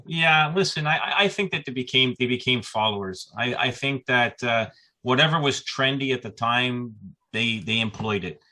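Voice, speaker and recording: A man's voice: mid-range voice, moderate pace, pushed and bright. A man speaking as a panel guest on a podcast, talking casually and often repeating words as he starts a sentence.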